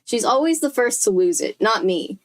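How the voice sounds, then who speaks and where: A woman's voice: on the high side, lively intonation, moderate pace. A young woman reading a novel aloud on a live stream in a chatty way, stopping to correct herself and talk to her chat. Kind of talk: casual live read-aloud.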